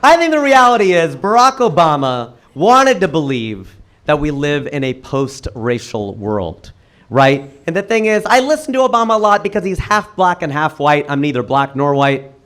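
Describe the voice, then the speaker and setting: A man performing a stand-up comedy set on stage, telling stories with sudden jumps in pitch and loudness. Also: normal speed. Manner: animated storytelling with sudden jumps in pitch and volume. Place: comedy club stage with live audience.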